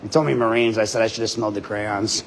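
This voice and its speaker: A man's voice: on the low side, steady tone, fast, slight background noise, low-quality recording. A man talking casually into his body-worn camera inside a public building, laughing often and swearing freely. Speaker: independent journalist livestreaming.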